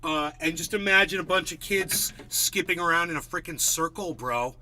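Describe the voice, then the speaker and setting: A man with a bright, forceful voice talks in a loose, rambling way, full of "like" and "bro". His voice sits a little high for a man. It is a relaxed, casual music chat. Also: normal speed. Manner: rambling, says "like" and "bro" a lot.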